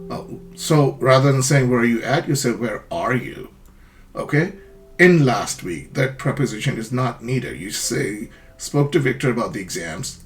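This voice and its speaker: A man's voice: mid-range voice, lively intonation, moderate pace, faint music behind. A man teaching an English grammar lesson, explaining patiently and acting out example sentences.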